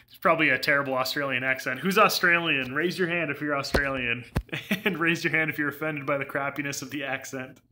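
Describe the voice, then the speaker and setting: A man's voice: on the high side, steady tone, brisk, bright, forceful tone, a little hiss or hum. A young man giving casual live gameplay commentary, rambling through filler words and laughing often. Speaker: game streamer.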